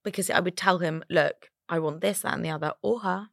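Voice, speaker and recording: A low-pitched woman with a gravelly edge chats loosely, laughing and swearing as she goes. The sound is dry and close, with no room around it. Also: a little fast, a bit bright, no echo. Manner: chatty, laughing, swears freely. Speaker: podcast co-host. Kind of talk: casual chat. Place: indoor studio room.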